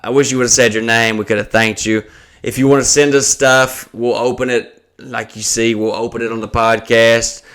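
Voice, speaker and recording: Bright-voiced, profane ranting comedian. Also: male voice, mid-range voice, level tone, moderate pace, clean tone. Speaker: podcast host and stand-up comedian. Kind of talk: casual podcast chat.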